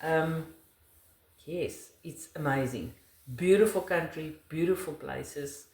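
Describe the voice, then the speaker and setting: A woman's voice: sits low, slow pace, a little mellow, roomy sound. A middle-aged South African woman, her first language Afrikaans, with an Afrikaans accent, talking in a casual interview in an emphatic, laughing way.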